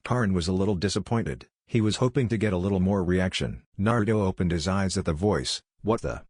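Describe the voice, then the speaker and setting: A man narrating a fan fiction story in a flat, even reading voice. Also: sits low, fairly quick, no room sound, clean studio sound.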